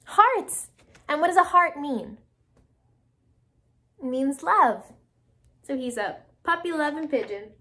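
A woman's voice: high-pitched, expressive, unhurried, long pauses, fairly bright tone. A woman teacher reading a picture book aloud to children, asking them questions and encouraging answers.

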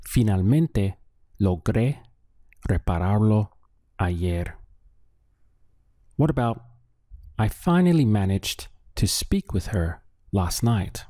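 A man teaching a Spanish lesson, slowly and patiently, with pauses for the listener to think. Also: fairly low pitch, animated, dark tone, no echo, studio quality. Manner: slow, patient, with drill pauses. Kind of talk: audio language lesson.

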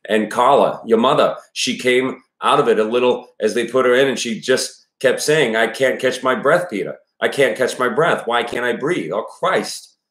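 A man's voice: medium pitch, normal speed, few pauses, voice pushed up, close to an everyday voice. A man voicing a panicked middle-aged father who stammers and nearly screams, his voice breaking. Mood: frantic. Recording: echoey room.

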